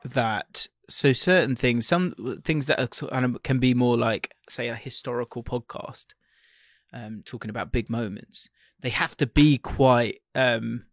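A man's voice: mid-range voice, a little slow, no echo, clean studio sound. A man co-hosting a football podcast, chatting casually and rambling with frequent ums and restarts. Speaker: podcast co-host.

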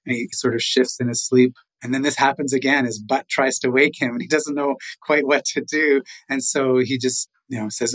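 A middle-aged man from Canada, a guest telling a traditional legend in an unhurried way, with chuckles and "you know" asides. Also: medium pitch, steady tone, a bit bright, low-quality recording. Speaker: guest storyteller. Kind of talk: oral storytelling.

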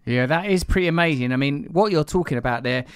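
A man's voice: a little high, quick pace, smooth, no echo, clean studio sound. A man hosting a long-form interview, speaking thoughtfully and articulately in long, wordy phrasing. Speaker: interview host.

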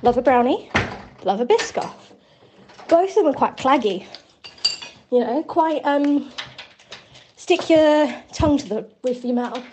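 A woman's voice: high-pitched, lively intonation, measured pace, pauses often, background noise. A woman leaving a chatty, rambling voicemail for a podcast while slightly out of breath. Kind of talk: casual voicemail.

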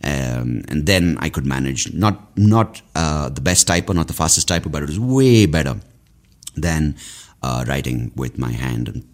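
A man's voice: extremely low pitch, big pitch swings, unhurried. A man from India in his thirties, hosting a podcast as a casual, rambling monologue, swearing freely and mocking himself. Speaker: podcast host.

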